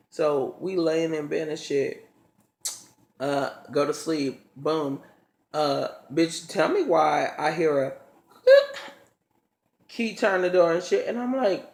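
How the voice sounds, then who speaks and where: A man's voice: on the high side, animated, unhurried. A man telling a story to his vlog audience in blunt, profane casual talk, acting out each scene as he goes, in a roomy echoing room. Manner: blunt, profane, dramatic retelling.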